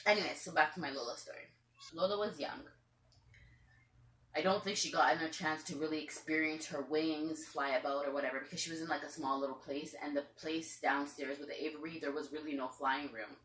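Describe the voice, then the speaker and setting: A woman with a low voice and a bright, forceful edge tells her story in a loose, rambling way. She drops into other people's lines as she goes. Her room sounds roomy, with a faint hum of noise behind her. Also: steady tone, brisk. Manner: chatty, rambling, acts out what others said. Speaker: parrot owner and vlogger. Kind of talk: casual storytelling to camera. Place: room at home with pet birds.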